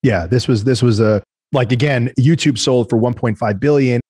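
A man, a guest entrepreneur, telling business stories in a lively, conversational way and acting out the other people in them. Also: mid-range voice, normal speed, husky, no echo, studio quality. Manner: animated, acts out quoted voices. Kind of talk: conversational storytelling.

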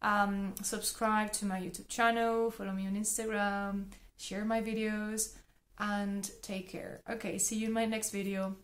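A woman's voice: mid-range voice, level tone, a little slow. A woman teaching English pronunciation, leading repeat-after-me drills in a careful, encouraging way.

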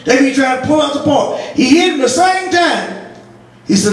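High-voiced woman preaching in echo. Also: animated, moderate pace. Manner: storytelling with laughter, rising to shouts. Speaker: pastor. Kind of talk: sermon. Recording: echoey church audio from far off.

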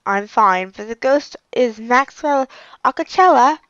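A woman's voice: a little high, animated, measured pace, fairly bright tone, no echo, highs cut off. A woman voicing a bossy female ghost hunter in an amateur fanfic read-aloud, dramatic and exclaiming.

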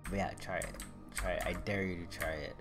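Young guy streaming a game, rambly and jokey, music going in the back, keys clacking. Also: low voice. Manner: rambling, excitable, quick to tease. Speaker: gaming streamer. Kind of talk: casual chat while gaming. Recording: stream with music playing under the voice. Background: game music and keyboard typing.

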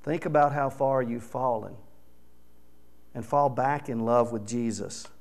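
A man's voice: mid-range voice, unhurried, creaky. A man preaching a sermon as pastor, earnest and exhorting, reading scripture aloud with rising emphasis.

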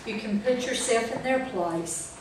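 A woman's voice: fairly high pitch, a little slow, a little hiss or hum. A woman teaching a Bible study group in a folksy way, checking in with them as she goes. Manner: folksy, asks the group questions. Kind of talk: church training talk. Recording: echoey room from far off.

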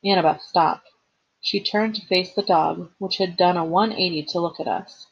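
A woman, a teacher, reading a novel aloud with expressive storytelling and the occasional slip and reread. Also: lowish voice, normal speed, gravelly, breathy edge, highs cut off.

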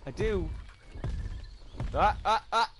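A man's voice: high voice, slow, fairly bright tone, a little hiss or hum. A man streaming a game live, joking and rambling with mock-heroic boasts.

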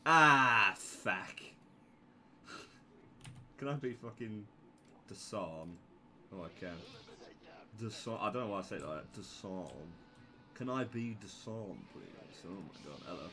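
A man's voice: lowish voice, expressive, unhurried, pauses often, background noise. A young man commentating casually on his own gameplay, sweary and sarcastic, with sudden yelps and laughs.

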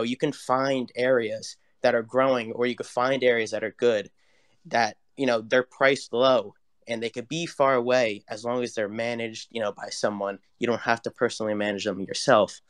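A man's voice: medium pitch, fairly even intonation, moderate pace, a bit bright, smooth. A man in his twenties speaking as a panel guest in a casual online audio chat, loose and hesitant with many fillers. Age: 20s.

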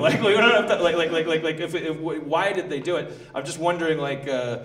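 A man's voice: fairly high pitch, moderate pace, hardly any pauses, crowd noise. A man hosting a podcast before a live audience, rambling with many restarts and laughing asides. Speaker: podcast host. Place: live theater stage. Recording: echoey live room, mic at a distance.

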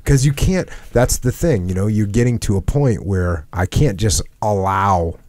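Deep-voiced man with a dry delivery. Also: animated, normal speed, darkish tone, no echo. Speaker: podcast host. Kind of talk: casual chat.

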